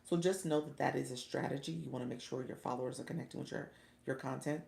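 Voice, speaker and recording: A woman's voice: rumbling low, steady tone, fast talker, creaky, a little mellow, echoey room. A middle-aged woman from Florida, hosting a casual livestream from home, chatty and often laughing as she talks to her viewers. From Orlando, Florida. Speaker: livestream host and coach.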